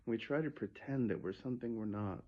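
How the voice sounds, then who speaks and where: A man's voice: on the low side, animated, quick pace. A man preaching a sermon built around a parable, earnest and conversational, often restarting his sentences, on a dull lo-fi recording.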